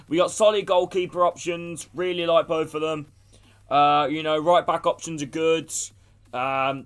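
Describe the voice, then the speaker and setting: A man's voice: fairly high pitch, a bit bright, clear, resonant tone. A man casually commentating a game stream, chatting with viewers and calling them by name. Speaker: gaming streamer.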